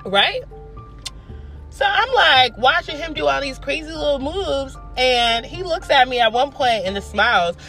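Speaking at a measured pace and ordinary pitch, a young woman casually recounts a story, animated and profane, imitating the voices of those she quotes. Faint soft music sits in the background.

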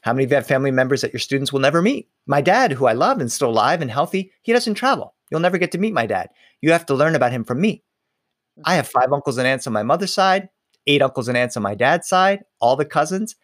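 A middle-aged man and storyteller speaking in a lively, conversational way, slowing down to linger on details. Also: mid-range voice, dry recording, clean studio sound. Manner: animated, slows down on details, many restarts. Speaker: storyteller and author.

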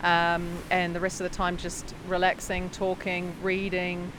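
Woman vlogger chatting loose and easy, um and yeah a lot, engine rumbling in the background. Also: a little slow, background noise. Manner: relaxed, chatty, with fillers. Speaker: travel vlogger. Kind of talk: casual travel vlog narration.

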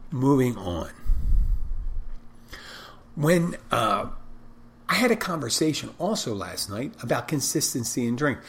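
Husky-voiced man rambling loudly. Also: mid-range voice, very animated, a little slow, pauses often. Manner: rambling, self-deprecating, loud barking delivery. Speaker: bartender and podcaster. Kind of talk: casual rambling monologue.

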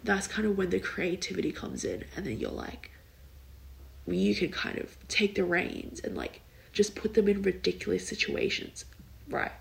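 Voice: mid-range voice, very animated, moderate pace, creaky, poor audio. A young adult podcast host talking in a casual, rambling way, full of "like" and "kind of". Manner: rambling, filler-heavy, many likes and kind ofs. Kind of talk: casual solo podcast chat.

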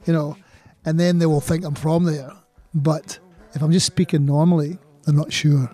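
A man's voice: a little high, little pitch movement, moderate pace, few pauses, dark tone, soft background music. An older man with a mild Scottish accent, chatting reflectively as a guest musician in an interview, often saying "you know". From Scotland. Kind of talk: casual interview chat.

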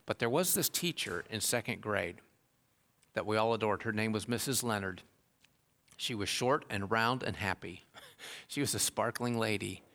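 A man's voice: lowish voice, moderate pace, sharp tone. A man preaching a sermon, earnest and heartfelt, building into raised, emphatic passages. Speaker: pastor.

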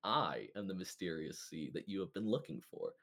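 A man's voice: sits low, big pitch swings, brisk, creaky, a bit bright, pitched below the performer's own voice, exaggerated voice. Man doing a smug, mysterious robed sorcerer. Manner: smug, chuckling, theatrical.

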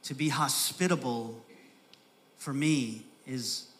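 A man preaching a sermon as pastor, repeating phrases for emphasis and building from soft, slow stresses to raised, urgent delivery. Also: medium pitch.

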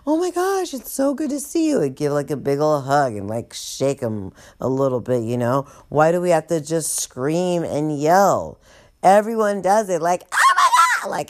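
A woman with a very low voice tells a story in a loose, chatty way. She swears freely and laughs along with herself. Her delivery stays animated throughout. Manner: animated, profane, laughs often. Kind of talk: casual storytelling vlog.

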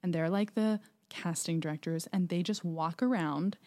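A woman's voice: fairly low pitch, moderate pace, darkish tone. Chatty young woman telling a story. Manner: chatty storytelling with many fillers. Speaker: podcast co-host. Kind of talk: casual chat.

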